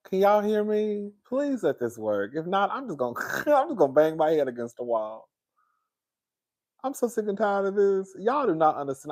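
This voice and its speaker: A man's voice: sits high, sing-song, moderate pace, darkish tone. A man, hosting a casual livestream and venting in a sassy, exasperated way to his viewers. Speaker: livestream host.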